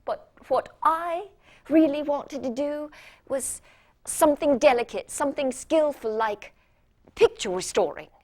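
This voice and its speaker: Woman, stage monologue as a doctor, halting, stammering, unhurried. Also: high voice, darkish tone. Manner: hesitant, self-doubting, halting with stammered restarts. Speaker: actor playing a hospital doctor. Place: stage performance.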